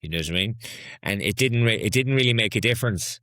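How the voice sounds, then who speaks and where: Low-voiced Irish man explaining a point. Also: animated, fast, sharp tone, dry recording, studio quality. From Ireland. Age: 40s. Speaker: podcast co-host. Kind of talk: casual chat among friends.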